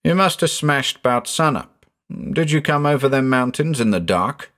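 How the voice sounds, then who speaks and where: A man voicing an excitable, superstitious middle-aged farmer with a folksy rural American drawl. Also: mid-range voice, moderate pace, pitched above the performer's own voice. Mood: excited.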